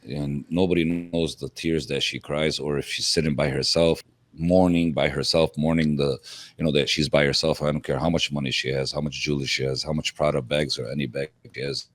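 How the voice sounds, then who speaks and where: A man's voice: a bass voice, fairly even intonation, fairly quick, no echo. A man speaking as a podcast guest, blunt and emphatic, often repeating words as he gets going. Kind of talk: casual podcast conversation.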